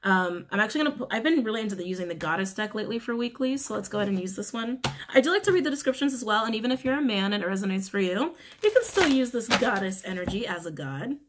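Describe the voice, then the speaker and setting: A woman giving a casual tarot reading in a blunt, frank manner, cursing freely when annoyed. She repeats her key phrases over and over and often stops to clear her throat. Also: medium pitch, lively intonation, quick pace, hardly any pauses, noisy background. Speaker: tarot reader.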